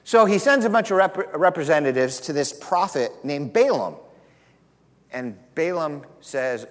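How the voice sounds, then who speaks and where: A male pastor preaching with plenty of jokes, his voice climbing and dropping with lively pitch. He sits a little higher than most men, and a long hall reverb hangs behind him. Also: normal speed. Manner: animated, joking storyteller. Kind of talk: sermon.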